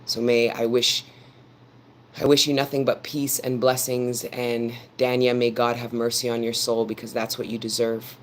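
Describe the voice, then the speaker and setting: A man's voice: medium pitch, flat delivery, moderate pace, a little hiss or hum. A man giving a live tarot reading, talking earnestly and preachily straight to his viewers and repeating phrases for emphasis. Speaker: tarot reader.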